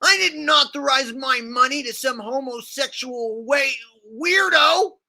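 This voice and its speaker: A man putting on a sneering, exaggerated impression of a ranting rock musician, shouting the lines back in a raised voice. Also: extremely high pitch, lively intonation, measured pace, vocal fry, voice pushed up, exaggerated voice. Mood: mocking. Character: mocking squeaky impression of a ranting rocker.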